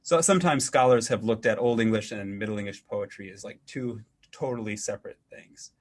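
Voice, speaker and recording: Man, middle-aged, low voice, professor lecturing, measured, hesitant restarts. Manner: measured, with frequent ums and restarts. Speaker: English professor giving a lecture. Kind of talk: academic lecture.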